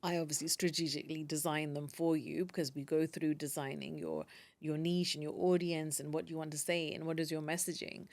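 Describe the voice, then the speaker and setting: A woman who teaches and podcasts appears as a guest in a casual interview, speaking emphatically, repeating phrases, and often restarting sentences. Her voice sits low with a level tone and a brisk pace, in a dry recording.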